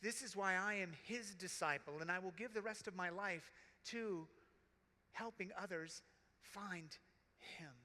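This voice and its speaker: Slow, high-voiced preaching deacon. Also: male voice, bright, forceful tone. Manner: intense, halting testimony with long pauses. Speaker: deacon and keynote speaker. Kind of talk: preaching keynote. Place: large conference hall. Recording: echoey large hall.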